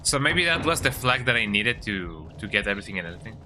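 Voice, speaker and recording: A man's voice: fairly low pitch, sing-song, fast talker, sharp tone, slight background noise. A man, streaming a horror game and rambling through crude jokes as he thinks aloud. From Mexico. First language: Spanish. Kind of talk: live game commentary.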